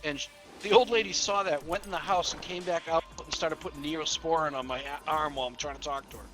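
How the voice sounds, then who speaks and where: A police officer telling rambling, profane stories in casual game voice chat, often laughing. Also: male voice, on the high side, quick pace, a bit bright, soft background music.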